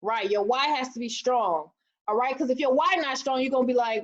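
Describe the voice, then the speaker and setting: A woman in her thirties leading a motivational team webinar, animated and preachy, acting out the quotes she tells. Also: high-pitched, a little fast. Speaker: team leader. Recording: dull lo-fi webinar audio.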